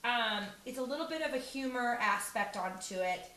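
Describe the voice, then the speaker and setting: A woman's voice: fairly high pitch, lively intonation, normal speed, sharp tone, slight background noise. Chatty woman co-host in an echoey room. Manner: chatty, rambling with many fillers. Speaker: morning show co-host. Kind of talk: casual chat.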